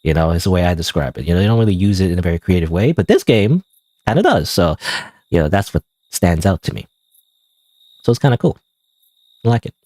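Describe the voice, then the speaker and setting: A man's voice: deep voice, expressive, fast talker, long pauses, a little mellow, no echo, studio quality. A man streaming a game live, giving casual, rambling, self-deprecating commentary full of "you know" and "I don't know.". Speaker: gaming streamer.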